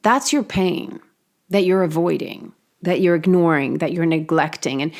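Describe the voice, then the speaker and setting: Talking at a moderate pace in a lowish voice with vocal fry, a woman who hosts a spiritual healing show reflects on healing. She sounds earnest and casual, filling her speech with fillers and letting the odd swear word slip.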